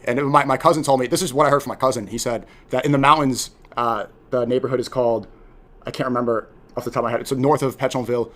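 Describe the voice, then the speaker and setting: Fast-talking emphatic young man. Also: medium pitch. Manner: emphatic, animated, repeats words. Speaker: podcast guest, content creator. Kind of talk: casual heated chat.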